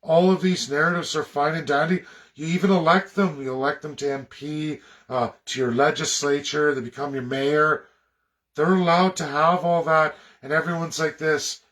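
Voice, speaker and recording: A man from Canada delivering an impassioned, preachy monologue, swinging between loud outbursts and low muttering. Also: steady tone, moderate pace. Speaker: political commentator.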